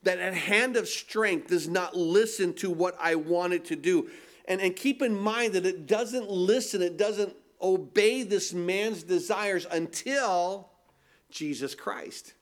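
A man's voice: sits high, takes it slowly. A man preaching a sermon, emphatic, repeating phrases and asking the congregation rhetorical questions. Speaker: pastor.

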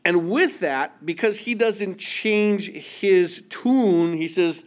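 Dramatic preacher, man, higher voice. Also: slow pace. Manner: dramatic, drops to near-whisper for quiet passages; acts out biblical voices, asks listeners "do you understand?". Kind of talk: sermon.

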